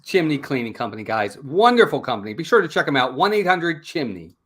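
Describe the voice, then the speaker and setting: A man's voice: on the high side, fairly quick, slightly rough. A man hosting a casual live-streamed movie review podcast, laughing easily and chatting with his co-host. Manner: lively, laughs easily, reads a rhyming mock ad.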